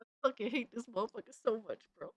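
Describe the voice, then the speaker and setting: A young woman streamer giving excitable, profane live reaction commentary, full of hype shouts and swearing. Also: a little high, fast talker, no room sound, studio quality. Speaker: streamer host.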